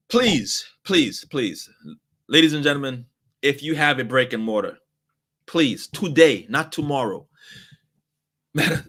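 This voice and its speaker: Middle-aged male instructor, bright and forceful, emphatic storyteller. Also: a little high. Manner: exasperated, laughing, emphatic. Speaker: customer service teacher. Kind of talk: animated storytelling lesson.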